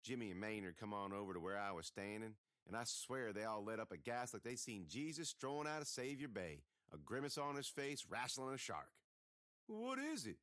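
A man's voice: on the low side, a little fast, hardly any pauses, a bit bright, no room sound, studio quality. A man reading a folksy first-person story aloud as an audiobook narrator.

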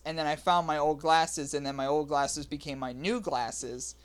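A man hosting a casual podcast chat, rambling and halting with lots of fillers. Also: fairly high pitch, steady tone. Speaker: podcast host.

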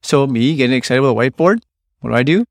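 Male podcast host, mid-pitched, lively storyteller, dry close mic. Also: fast, dry recording. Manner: animated storyteller, quotes coworkers in loud bursts. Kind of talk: storytelling monologue.

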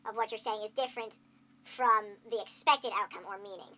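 Woman, high voice, podcast co-host, chatty explainer, laughs a lot. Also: a little fast, bright, forceful tone. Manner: explains things at length, laughs often. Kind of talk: casual chat. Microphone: podcast mic on a shared recording track.

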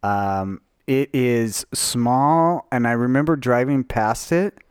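A man's voice: medium pitch, slow pace, smooth, no echo, clean studio sound. A man co-hosting a podcast in casual, joking chat, swearing freely. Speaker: podcast co-host.

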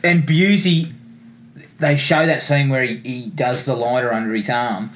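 A man's voice: medium pitch, steady tone, unhurried, fairly bright tone. A man hosting a casual film podcast in a chatty way, laughing often. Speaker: podcast host.

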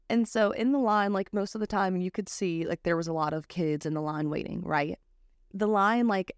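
A woman's voice: medium pitch, dry recording, clean studio sound. A young woman in her twenties hosting a casual podcast, ranting with heavy swearing and a constant run of "like" fillers. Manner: ranting, profane, lots of "like" fillers. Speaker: podcast host. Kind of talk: casual chat.

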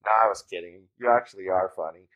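A man's voice: low voice, quick pace, fairly bright tone. A man hosting a casual chat who rambles and teases. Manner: teasing, rambling. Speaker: host.

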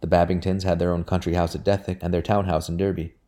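A man reading a historical novel aloud as an audiobook narrator, in a measured, even storytelling manner. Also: low-pitched. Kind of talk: scripted narration.

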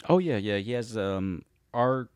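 A man's voice: lowish voice, expressive, unhurried, a little mellow, smooth, dry recording, clean studio sound. A young man co-hosting a casual movie podcast, rambling and often correcting himself when he loses a name. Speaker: podcast co-host.

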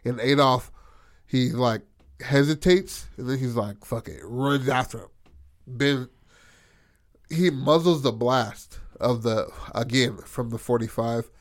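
A man with a medium-pitched voice speaks slowly, recorded cleanly in a studio with no echo. He casually retells a tabletop game session, swearing freely and acting out the characters' lines with plenty of animation.

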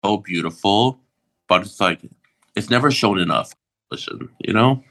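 Guy in his 30s from michigan, low voice, laid-back podcast chat, lots of ums. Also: measured pace. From Michigan, USA. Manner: relaxed, laughs between thoughts, many ums. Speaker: guest, drag performer.

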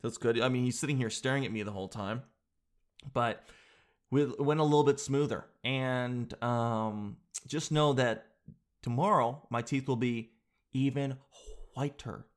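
A man's voice: medium pitch, measured pace. Man, show host, casual rambling monologue, jokey, self-mocking. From Canada.

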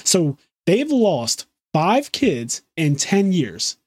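A man co-hosting a casual chat about a TV show, animated and swearing freely as he quotes the dialogue. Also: a little high, drawn-out words, hardly any pauses, slightly rough, no echo. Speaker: podcast co-host.

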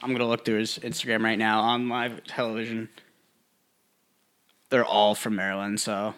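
A young man cohosting a casual podcast, dropping dry one-liners between his partner's rants. His voice is bright and forceful, with an easy, conversational pace. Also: on the low side, level tone, normal speed. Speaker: podcast co-host. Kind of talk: casual banter.

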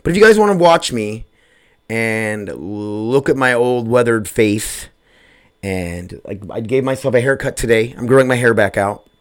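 A man's voice: mid-range voice, expressive, a little slow. A man hosting his own podcast, talking casually and rambling, often losing his train of thought and poking fun at himself, recorded on a home microphone setup. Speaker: podcast host. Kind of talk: casual solo podcast monologue. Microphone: desk microphone.

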